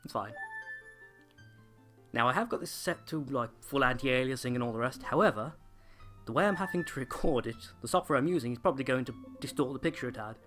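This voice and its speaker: A man's voice: medium pitch, fast, a bit bright, soft background music. A man hosting a let's play, giving comedic game commentary with dry, sarcastic asides.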